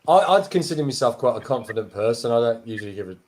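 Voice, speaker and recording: A man's voice: medium pitch, lively intonation, quick pace, darkish tone, slight background noise. A man in casual chat, blunt and candid, swearing freely.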